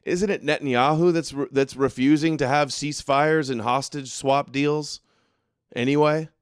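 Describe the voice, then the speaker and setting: A man's voice: fairly high pitch, steady tone, normal speed, clear, resonant tone, no echo, studio quality. A man hosting a casual political commentary livestream, talking in a sarcastic, mocking way, reading viewer comments aloud and ranting indignantly. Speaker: livestream show host.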